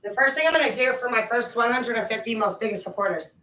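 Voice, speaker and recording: A woman rambles on at home with frequent swearing, her talk loose and animated. Her voice rings in an echoey room and sits some distance from the mic. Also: on the high side, quick pace. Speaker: vlogger. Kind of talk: rambling casual monologue. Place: home, indoors.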